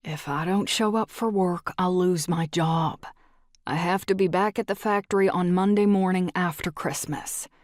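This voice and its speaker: A woman voicing a blunt, resentful young man with a slow Texas drawl and a cold, low delivery. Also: fairly even intonation, no echo, studio quality, lightly acted. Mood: firm.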